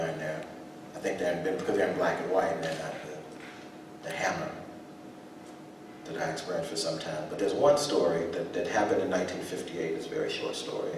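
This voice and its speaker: A man performing a live spoken-word reading on a theater stage, reflective and halting, often starting over mid-thought. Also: sits low, background noise. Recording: echoey hall from far off.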